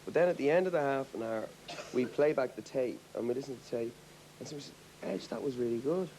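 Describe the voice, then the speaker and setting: A man's voice: medium pitch, quick pace, dark tone, slight background noise, rough recording. An Irish man talking as a guest in a casual TV studio interview, thoughtful and rambling, often restarting his sentences. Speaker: rock singer interviewed as a guest. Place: TV studio with an audience.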